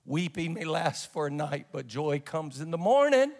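Impassioned high-voiced preacher in reverberant hall. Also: male voice, very animated, normal speed. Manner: impassioned storytelling, swinging from shouts to hushed tones. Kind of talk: sermon.

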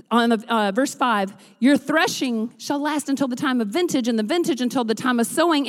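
A woman pastor preaches in a large church, her high voice carrying a long hall reverb. She moves between relaxed, joking asides to the congregation and loud, rhythmic runs of preaching. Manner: builds to loud rhythmic preaching, then drops to chatty asides. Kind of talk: sermon. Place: church sanctuary.

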